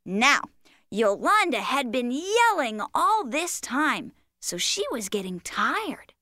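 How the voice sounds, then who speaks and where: A woman's voice: high-pitched, big pitch swings, slow pace, bright, forceful tone, dry recording, studio quality, heavily acted. A woman voicing a patient, playful cartoon critter who tells a bedtime story in a sing-song, coaxing manner. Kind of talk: children's cartoon voice acting.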